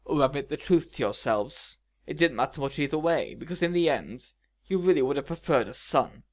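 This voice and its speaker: A theatrical female sorceress villain sneers and scolds with grand, dramatic flair, as a male reader puts her on. The voice sits a touch high and leans into every flourish, in a storybook-style reading. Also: lively intonation, normal speed. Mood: cold. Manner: dramatic, sneering, rising to fury. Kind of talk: audiobook reading of fan fiction.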